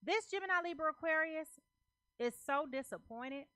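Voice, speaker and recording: A woman's voice: sits high, animated, moderate pace, bright, forceful tone, no room sound. A woman giving a casual tarot reading, talking emphatically, repeating herself and checking in with her listeners in loose, slangy speech. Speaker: tarot reader.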